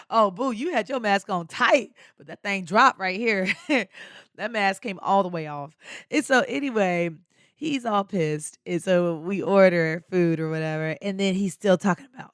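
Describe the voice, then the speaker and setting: A woman hosting a podcast, telling a personal story in an animated, slangy way and laughing often. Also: mid-range voice, moderate pace, dry recording, clean studio sound. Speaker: podcast host. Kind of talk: casual storytelling.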